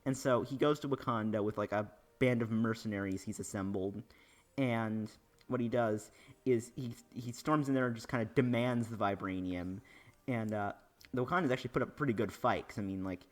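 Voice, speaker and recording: A man's voice: on the low side, a little fast. A young man casually commenting on a video game as he plays, rambling through lore with lots of fillers and restarts. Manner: rambling, filler-heavy storytelling. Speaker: gaming YouTuber. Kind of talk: casual let's play commentary.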